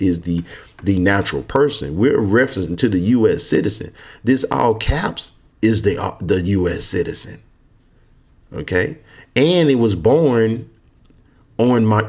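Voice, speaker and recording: A man from Texas casually walking viewers through a form, confident and emphatic, often repeating himself. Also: lowish voice. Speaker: online course mentor. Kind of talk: casual screen walkthrough lesson.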